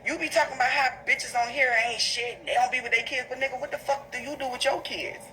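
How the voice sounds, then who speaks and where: A woman talks straight into her livestream, heated and profane as she tells what happened. Her voice is bright and forward. A faint hiss sits under the recording. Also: high voice, fairly even intonation, fast talker, few pauses, low-quality recording. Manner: blunt, profane, heated storytelling. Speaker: livestream host. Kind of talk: casual livestream rant.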